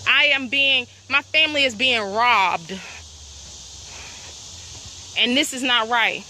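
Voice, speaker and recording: Her voice a little high, pushed and bright, a woman walks her rural property with crickets chirping, vlogging into her phone at a slow pace. She's out of breath and indignant, pressing viewers with pointed questions, and there's a little hiss or hum.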